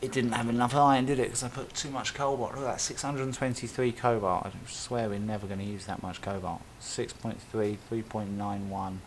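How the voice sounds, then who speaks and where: A man live-streams a game, building while he muses aloud in casual commentary packed with self-talk and side tangents. His fairly low voice holds a steady tone, runs a little fast with few pauses, and carries slight background noise.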